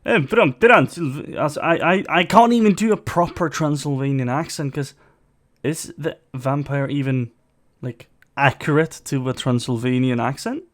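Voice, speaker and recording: A man's voice: medium pitch, moderate pace. Rambling man with mixed English accent. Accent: mixed non-native English, part British, part American. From Sweden. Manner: rambling, opinionated, full of fillers. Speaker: reaction video host. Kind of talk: casual reaction commentary.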